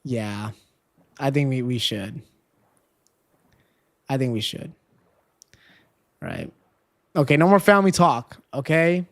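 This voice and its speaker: While streaming a game, this man talks loosely and openly with his viewers, cursing occasionally and tacking "right?" onto almost every line. His mid-range voice is animated yet slow, with vocal fry, long pauses and no echo.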